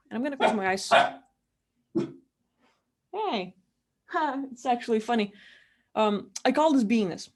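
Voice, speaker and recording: A woman's voice: fairly high pitch, lively intonation, fairly quick. A woman giving casual guided spiritual instruction from her room, rambling and filling her talk with "like". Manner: rambling, heavy use of "like". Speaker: spiritual teacher.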